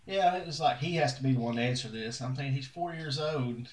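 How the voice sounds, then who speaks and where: A man's voice: medium pitch, fast, recorded from a distance. Laid-back guy hosting a podcast, mid voice, kinda echoey room. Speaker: podcast host. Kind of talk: casual podcast chat.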